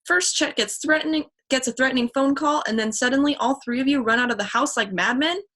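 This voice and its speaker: A woman voices a spirited teenage girl in a storybook reading. She chatters quickly and teases the boys, her voice lifted higher than the narration. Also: a bit bright. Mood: alarmed. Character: lively, teasing teenage girl.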